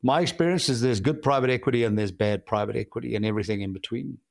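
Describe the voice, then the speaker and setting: Middle-aged South African man, measured. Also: mid-range voice, vocal fry, dry recording, studio quality. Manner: measured and reflective, with frequent "uh" pauses. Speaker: guest, company founder and CEO. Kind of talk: conversational interview answers.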